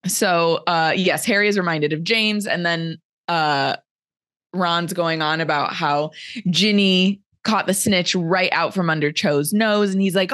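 Woman podcast co-host, lower voice, casual retelling that slips into characters' lines, dry close sound. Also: unhurried, fairly bright tone, no room sound. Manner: chatty, laughs often, heavy use of "like". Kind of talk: casual chat recapping a book chapter.

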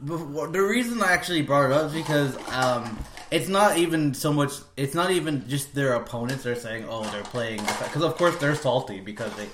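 A man's voice: medium pitch, lively intonation, normal speed. An American man hosting a podcast in a casual chat, rambling and laughing often. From United States. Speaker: podcast host. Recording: echoey room, faint background noise.

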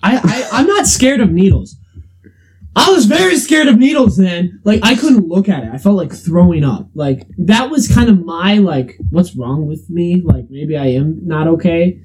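A man's voice: high voice, very animated, normal speed, a little mellow, breathy edge, rough recording. A young man telling a rambling, jokey story in casual chat as a co-host, full of fillers.

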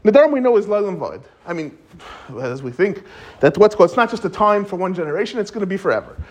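A rabbi with a high, slightly husky voice gives a casual weekly Torah lesson. He talks through the texts conversationally and paraphrases the commentators with some animation. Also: sing-song, fast talker.

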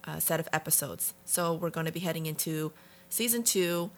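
A woman's voice: low voice, normal speed. A woman co-hosting a podcast, talking in a reflective, frank way and now and then swearing. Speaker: podcast co-host. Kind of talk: casual conversation.

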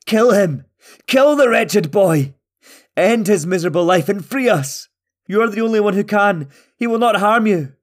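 Enraged villagers bay for blood in a high, strained yell, as one narrator shouts for them all. It is a pushed-up, forceful storybook cry, far above a plain speaking voice. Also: male voice, animated, normal speed. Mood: furious. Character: angry crowd of shouting villagers.

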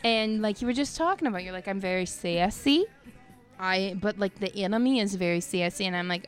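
A woman's voice: medium pitch, brisk. Bubbly lady co-hosting a podcast, giggly, jokey, some faint music behind. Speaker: podcast co-host. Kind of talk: casual chat.

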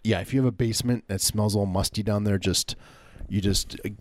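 A man co-hosting a comedy podcast, playing along deadpan with halting, restarting sentences. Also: lowish voice. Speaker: podcast co-host. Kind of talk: improvised comedy banter.

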